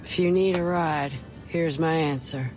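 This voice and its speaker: A woman voicing a curt, hard-bitten woman mercenary who talks in clipped rough slang. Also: sits low, steady tone, a little slow, a little mellow, soft background music, pitched below the performer's own voice. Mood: gruff.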